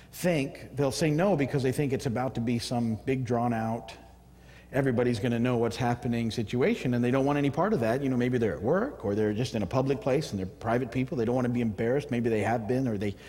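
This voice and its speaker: A pastor giving a casual, rambling sermon with chuckles and acted-out snippets of everyday conversation. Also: male voice, mid-range voice, lively intonation, fairly quick, darkish tone, long reverb tail. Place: church.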